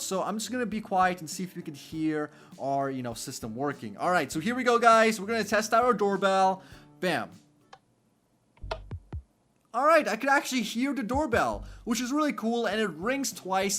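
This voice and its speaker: Young guy with a high voice walking thru a minecraft build, chatty, lots of fillers, soft music underneath. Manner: chatty, with frequent fillers like "go ahead" and "basically". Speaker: Minecraft let's-play host. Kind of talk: casual gameplay tutorial narration.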